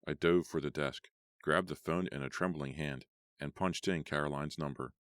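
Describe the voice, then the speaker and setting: Brief: male audiobook reader, extremely low voice, dry close sound, measured telling. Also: no room sound. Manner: measured storytelling. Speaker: audiobook narrator. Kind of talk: first-person horror audiobook narration.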